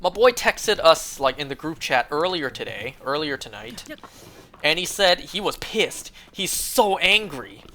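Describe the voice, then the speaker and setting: A man's voice: fairly high pitch, very animated, a little slow, pushed and bright, slight background noise. A young man streaming a game, telling a rambling, profane story in casual chat, full of fillers. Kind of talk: casual chat while gaming.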